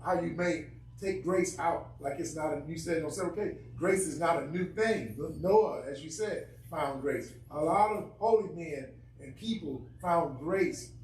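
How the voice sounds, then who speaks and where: High-voiced man, echoey distant mic. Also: normal speed, a little mellow. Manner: earnest, emphatic. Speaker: class member. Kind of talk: Bible study discussion. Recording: echoey room, far from mic, faint noise.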